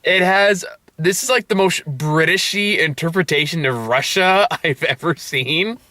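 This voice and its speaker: A man's voice: fairly high pitch, unhurried, sharp tone, dry recording. A man hosting a casual movie review chat, rambling and laughing often as he trails off mid-sentence. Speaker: movie review show host.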